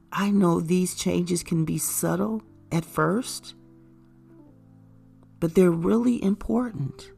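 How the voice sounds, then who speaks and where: A woman speaking in an earnest, measured way as she guides caregivers, her gravelly voice at a middle pitch. Faint music plays softly behind her. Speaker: caregiver educator. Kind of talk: informative talk to camera.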